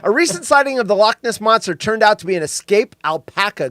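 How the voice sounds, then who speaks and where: Man, high voice, animated storyteller, casual podcast co-host, dry close sound. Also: brisk, hardly any pauses, no room sound. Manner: animated storyteller, reads chat aloud. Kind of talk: casual live-stream chat.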